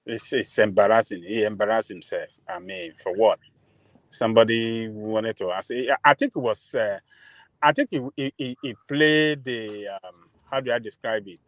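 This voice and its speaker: A man calling into a live discussion, earnest and halting, restarting his sentences. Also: on the low side, no room sound, rough recording. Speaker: caller.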